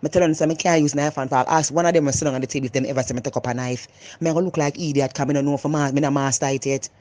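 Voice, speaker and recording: A woman with a Jamaican accent, talking loudly and animatedly in a casual, opinionated vlog monologue. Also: sits low, rapid-fire. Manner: animated, loud and emphatic. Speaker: vlogger.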